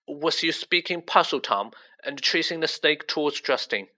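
A man's voice: on the high side, lively intonation, moderate pace, sharp tone, voice pushed up. A man voicing a nervous, pompous schoolboy wizard who talks in a quivering, stubborn and defensive way, in a storybook reading.

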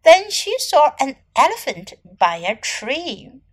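Slow sing-song woman reading a children's story. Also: high voice, big pitch swings. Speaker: English teacher and storyteller.

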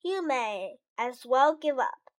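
A woman's voice: high-pitched, animated, slow. A woman doing a flock of mocking robins. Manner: teasing and scornful. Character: three mocking robins in a bush.

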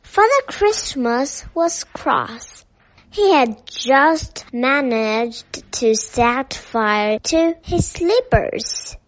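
Female storyteller, native Chinese speaker, slow careful English read-aloud, high voice. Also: expressive, faint music behind. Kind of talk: reading a children's story aloud. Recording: dull lo-fi recording.

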